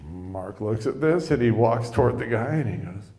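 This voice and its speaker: A man's voice: medium pitch, lively intonation, normal speed, darkish tone. Middle-aged pastor guy telling a story in church, chatty, lots of "and, and", long echo in the hall. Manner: chatty, repeats words when starting lines. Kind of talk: storytelling sermon. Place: church sanctuary.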